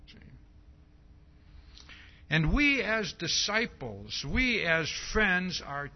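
A man preaching a sermon, reading scripture aloud and asking "see?" again and again in a slow, emphatic way. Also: high-pitched, very animated. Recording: dull lo-fi recording.

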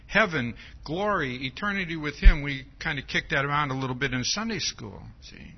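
A male pastor preaches in a loose, conversational teaching style, his voice rising and falling widely. His tone is fairly high and a little husky. The recording sounds dull and lo-fi. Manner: conversational, keeps asking "See?". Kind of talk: expository sermon.

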